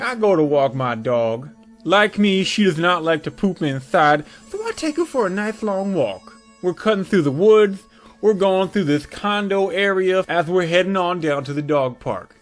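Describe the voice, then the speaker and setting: A man telling crude comedic stories in an animated monologue, landing punchlines deadpan. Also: high voice. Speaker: comedic storyteller.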